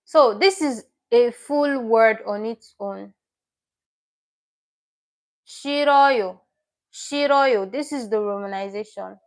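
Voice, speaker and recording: A woman's voice: fairly high pitch, measured pace, hardly any pauses. A woman teaching a livestream lesson, explaining patiently step by step and repeating each word she teaches. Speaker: Korean language teacher.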